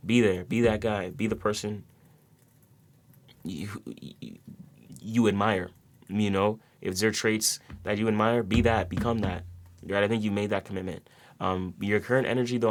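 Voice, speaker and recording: Low-voiced man giving a rambling tarot reading. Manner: rambling, repeats words, many fillers. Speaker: tarot reader. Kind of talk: casual spoken tarot reading.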